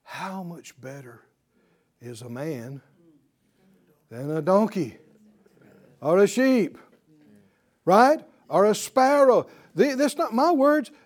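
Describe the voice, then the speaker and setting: High-pitched, lively preacher man. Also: takes it slowly, pauses often. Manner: animated, asks the audience questions for call-and-response. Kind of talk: sermon. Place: teaching before a live audience.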